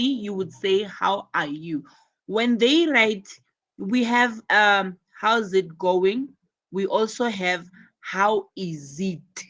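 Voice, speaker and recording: A woman teaching an English lesson, repeating example phrases slowly and carefully. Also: mid-range voice, a bit bright. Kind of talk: English lesson explaining conversation.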